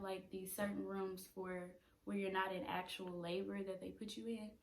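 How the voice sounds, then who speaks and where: A young woman in her twenties casually telling a personal story at home, chatty and animated. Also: mid-range voice. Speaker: vlogger. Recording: roomy echo.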